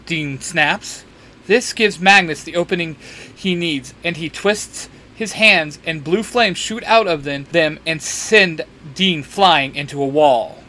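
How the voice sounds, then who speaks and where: Man reading a story aloud, bright voice. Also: on the high side, takes it slowly. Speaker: story reader. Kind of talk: reading fan fiction aloud.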